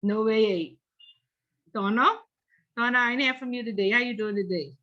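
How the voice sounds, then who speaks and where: A woman's voice: fairly high pitch, normal speed, a bit bright. A woman instructor teaching an online class, chatty and teasing, telling stories between questions to her students. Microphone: video call. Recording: dull lo-fi video call audio.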